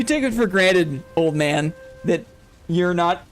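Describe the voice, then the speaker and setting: A man's voice: high voice, animated, takes it slowly. A man hosting a gaming livestream, chatting casually with his viewers and rambling with frequent restarts and laughs. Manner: rambling, self-interrupting, laughs often. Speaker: streamer host. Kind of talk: casual chat while gaming, reading chat.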